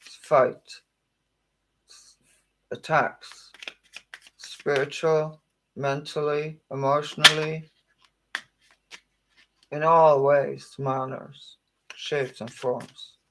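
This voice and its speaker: A man giving an emotional tarot reading, talking earnestly with long pauses. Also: mid-range voice, noisy background. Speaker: tarot reader.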